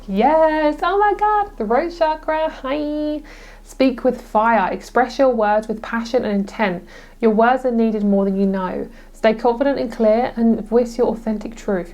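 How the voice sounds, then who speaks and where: Young woman tarot reader, excitable and gushing, casual and profane, mid-pitched. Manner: gushing, excitable, swears freely. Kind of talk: casual pick-a-card tarot reading.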